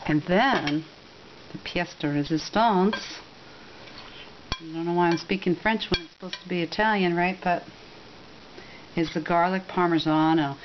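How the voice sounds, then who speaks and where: A woman's voice: fairly low pitch, steady tone, moderate pace, dull audio, noisy background. Chatty woman demonstrating a recipe. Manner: chatty, rambling, with frequent ums and self-corrections. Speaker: cooking demonstrator.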